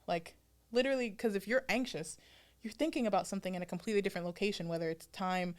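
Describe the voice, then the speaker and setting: A woman's voice: mid-range voice, fast talker. Reflective woman co-hosting a podcast. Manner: reflective, thinks aloud with many "like" fillers. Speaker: podcast co-host. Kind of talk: casual podcast chat.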